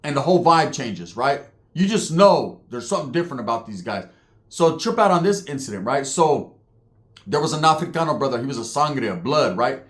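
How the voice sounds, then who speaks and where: A man's voice: mid-range voice, lively intonation, fairly quick, a bit bright. A man telling a story in a casual, streetwise, profane way, often checking in with "right?".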